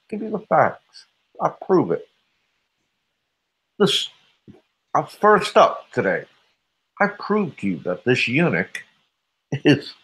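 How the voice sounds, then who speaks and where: A man's voice: a little high, a bit bright. A man hosting a casual online radio show, trash-talking with mock-serious swagger and frequent laughter. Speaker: podcast host. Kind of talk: casual chat, trash talk.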